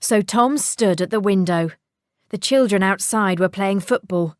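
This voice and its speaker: A woman reading a children's storybook aloud, expressive and playful with sound-effect words. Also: medium pitch, measured pace, no echo, clean studio sound.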